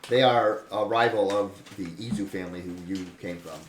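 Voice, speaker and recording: A man's voice: low-pitched, normal speed, over a noisy crowd. Rambling man running a tabletop game. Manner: rambling, full of fillers. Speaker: game master. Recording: echoey room, faint noise.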